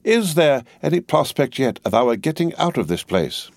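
A man's voice: medium pitch, big pitch swings, moderate pace, darkish tone, no echo, studio quality, pitched above the performer's own voice. A man reading an audiobook, voicing a brusque, fiercely patriotic middle-aged Englishwoman with a fussy, emphatic manner. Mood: indignant, fussy. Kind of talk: audiobook character voice.

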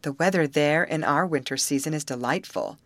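A woman reading the part of a gentle, worried teenage girl in an audiobook. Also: deep voice, fairly quick, dry recording. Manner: soft and hesitant.

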